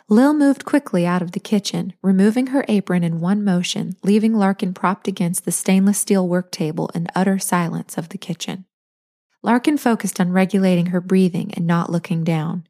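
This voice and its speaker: A woman's voice: on the low side, darkish tone. Woman author reading her novel. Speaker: author and podcast host.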